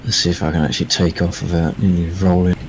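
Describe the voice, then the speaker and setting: A man chatting dryly and low-key while flying in a game. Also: level tone, quick pace, slight background noise. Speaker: stream guest. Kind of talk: casual gaming chat.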